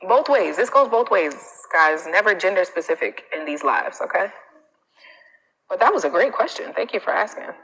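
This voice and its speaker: A woman confidence coach talks through a live stream in a fairly low voice. She is emphatic and repetitive, driving each point home with a quick "okay?". The room adds a long, hall-like tail to every phrase. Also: expressive, a bit bright, breathy edge. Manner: emphatic, repeats phrases, frequent "okay?" tags; acts out others' quoted lines in a higher voice. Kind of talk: live-stream advice talk.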